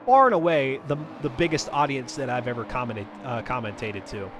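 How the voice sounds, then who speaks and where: A man's voice: mid-range voice, brisk, music in the background. A man commentating a live sim racing stream as host, chatty and rambling, talking to his chat viewers between calls of the race.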